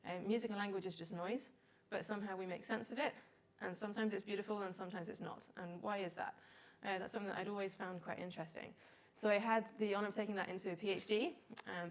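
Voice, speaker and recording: A woman in her forties, a data visualization consultant, giving a chatty, self-deprecating conference talk with frequent "um" fillers. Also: mid-range voice.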